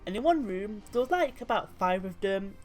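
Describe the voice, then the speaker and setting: A woman's voice: medium pitch, animated, moderate pace, a little mellow. A British woman casually commenting on tabletop game memes, chatty and swearing freely. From Britain. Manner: chatty and swearing, trailing off mid-thought. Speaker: YouTuber reading memes.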